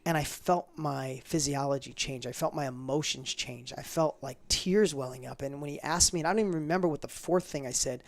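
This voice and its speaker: A middle-aged man telling a personal story in an interview, fast and emphatic, acting out the dialogue he quotes. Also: medium pitch, creaky.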